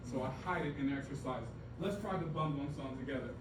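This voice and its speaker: A man presenting a choir teaching workshop, energetic and coaxing, leading the group through call-and-response singing. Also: medium pitch, fast, noisy background. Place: large conference room. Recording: echoey room, voice from far off, music behind.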